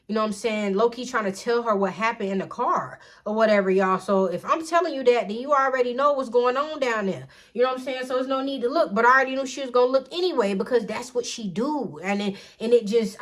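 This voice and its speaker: A woman's voice: on the high side, fast talker, few pauses, fairly bright tone. A young adult woman telling a personal story casually to her viewers, chatty and digressive, addressing them again and again. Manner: chatty, digressive, says "y'all" constantly. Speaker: storytime vlogger.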